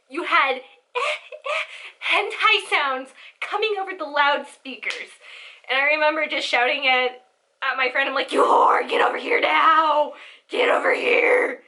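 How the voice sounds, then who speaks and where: A young woman in her twenties tells a story with a high, bright voice. She rambles and giggles, and her telling is loose and animated. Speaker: vlogger. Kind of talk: casual storytelling.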